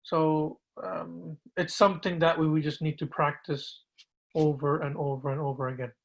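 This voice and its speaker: A man, an imam, patiently teaching pronunciation and repeating words slowly to gently correct students. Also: fairly high pitch, level tone, gravelly, poor audio.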